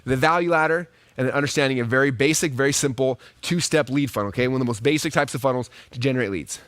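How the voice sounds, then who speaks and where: Fast, animated man teaching a live webinar. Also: mid-range voice, clean tone, no room sound. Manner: fast, energetic storytelling with lots of "right?" and "okay?". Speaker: online marketing coach.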